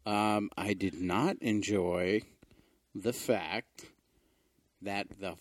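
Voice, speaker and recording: A man co-hosting a casual podcast, telling an animated story with swearing and sudden high exclamations. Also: extremely slow, long pauses, no room sound. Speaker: podcast co-host. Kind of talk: casual chat.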